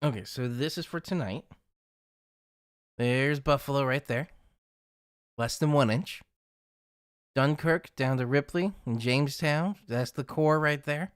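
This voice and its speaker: A man's voice: medium pitch, a little slow, long pauses, smooth. A man hosting a casual weather livestream, chatting with viewers and reading snowfall forecasts aloud off his screen.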